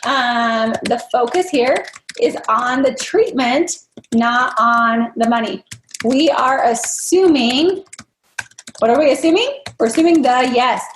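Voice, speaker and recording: A woman's voice: a little high, takes it slowly, echoey room, a little hiss or hum. A woman trainer leading an interactive online workshop, upbeat and coaxing as she quizzes her audience. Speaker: dental practice trainer leading a live workshop.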